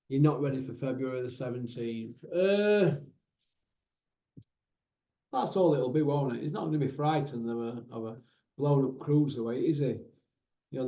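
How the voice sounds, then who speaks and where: A man's voice: medium pitch, warm tone, muffled recording. Exasperated man ranting, roomy sound. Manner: exasperated, leans on tag questions. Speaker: boxing commentary host. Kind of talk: casual ranting commentary.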